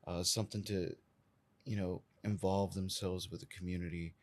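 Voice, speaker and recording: A man, an event organizer guest in a casual interview, talking haltingly and searching for words. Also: sits low, level tone.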